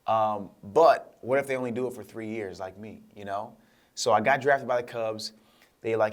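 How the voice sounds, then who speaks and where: A man's voice: lowish voice, moderate pace. A young man, a guest speaker, telling his story in an interview and acting out what people said to him. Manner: animated storyteller acting out quotes.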